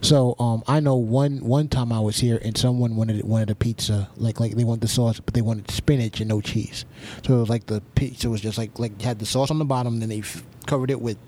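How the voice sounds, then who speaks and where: A man's voice: mid-range voice, fairly even intonation, fairly quick, few pauses, mellow. A man co-hosting a podcast, telling a story in casual chat, hesitant and full of fillers. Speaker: podcast co-host.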